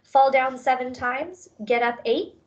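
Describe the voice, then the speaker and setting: Woman doing soft hushed mom, tender, bit higher, lo-fi read. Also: unhurried. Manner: whispering, tender. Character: mother, tender and apologetic.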